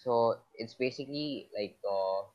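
A man's voice: mid-range voice, a little slow, dull audio. A man chatting casually, hesitant and searching for words with many fillers. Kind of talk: casual chat.

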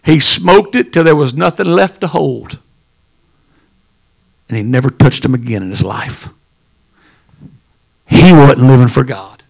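A pastor preaching a sermon, swinging from low murmurs to shouted lines. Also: male voice, measured pace, gravelly, long pauses.

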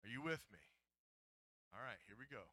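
A man's voice: medium pitch, animated, a little fast, sharp tone. A middle-aged man preaching a sermon as a pastor, playful and joking, coaxing the congregation to join in. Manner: playful, jokey, coaxes audience to join in. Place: church hall.

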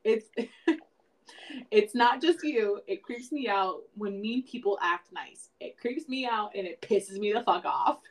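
A woman's voice: mid-range voice, unhurried, rough recording. A woman co-hosting a casual podcast, talking animatedly, laughing often and swearing. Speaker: podcast co-host.

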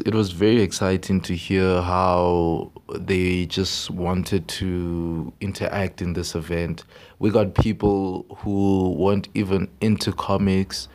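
A young man hosts a casual podcast, talking in an excitable, rambling way and repeating his words. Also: sits low. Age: young adult. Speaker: podcast host.

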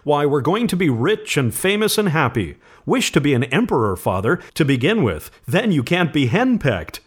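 A man's voice: medium pitch, big pitch swings, normal speed, slightly rough. Brief: man voicing playful grown son, storybook, teasing lilt. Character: cheeky, joking young son. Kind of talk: storybook reading.

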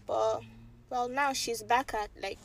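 A woman telling a family story in casual chat, animated and quick to act out what others said. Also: a little high, creaky, crowd noise.

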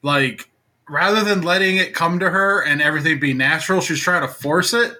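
Bright-voiced man telling a rambling story. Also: fairly high pitch, a little fast. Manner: rambling storyteller, many filler words. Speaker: podcast co-host. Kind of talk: casual chat.

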